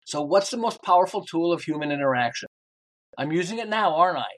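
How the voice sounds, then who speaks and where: A man's voice: on the high side, quick pace. An older man, a book author and podcast guest, telling business stories and acting out the lines of the people in them. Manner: animated storyteller acting out quoted lines. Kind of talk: storytelling in a podcast interview.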